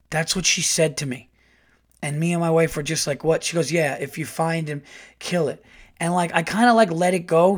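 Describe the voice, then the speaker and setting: A middle-aged man hosting a podcast, telling family stories in a casual, profane, animated way and quoting his family in quick bursts. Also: on the high side. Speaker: podcast host. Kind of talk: casual storytelling monologue.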